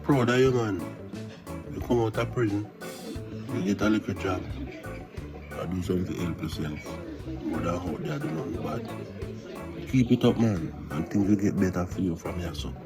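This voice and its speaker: Cartoon role: a man playing a fatherly, approving police officer with a very low voice. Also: moderate pace, pauses often, over music, natural voice. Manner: approving, fatherly, creole English. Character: encouraging male police officer. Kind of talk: cartoon voice acting.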